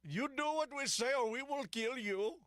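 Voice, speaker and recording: A talk-radio host doing a comic impression of a blustering male Iranian leader, using a put-on Persian accent and shouting slogans. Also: extremely high pitch, moderate pace, no echo, clean studio sound, pitched above the performer's own voice. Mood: menacing.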